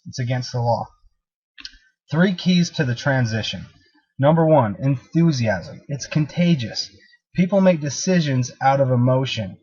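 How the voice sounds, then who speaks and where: A man's voice: medium pitch, darkish tone, husky, no echo, dull audio. A man giving a recorded sales training talk in an emphatic, direct coaching manner.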